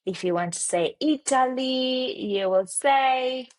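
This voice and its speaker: An Argentine woman who teaches Spanish holds an online lesson, carefully repeating words slowly and clearly in her Argentine accent. Her voice sits high and is expressive.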